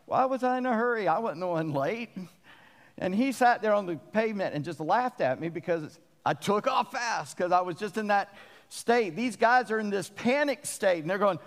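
Pastor, male, folksy storyteller, fairly high voice, big echoing sanctuary. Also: animated, moderate pace. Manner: folksy storytelling with self-deprecating humor. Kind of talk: sermon.

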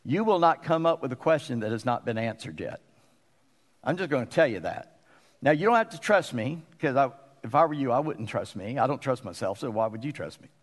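A man preaching a sermon as pastor, folksy and conversational, with emphatic pauses. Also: mid-range voice, expressive, long reverb tail.

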